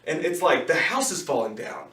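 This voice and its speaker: A man tears through a casual movie review, cursing freely and throwing in quick mocking impressions. His voice sits a bit high and leaps up and down with every point he makes. The sound is roomy and echoey, with the mic set back from him. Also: distant mic. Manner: profane, animated ranting with impressions. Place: in his car. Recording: echoey room, voice somewhat off-mic.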